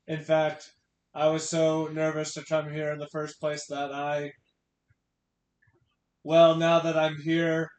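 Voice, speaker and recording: A man playing a confused android who talks in a hesitant, halting way. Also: a little high, darkish tone. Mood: lost. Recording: echoey room.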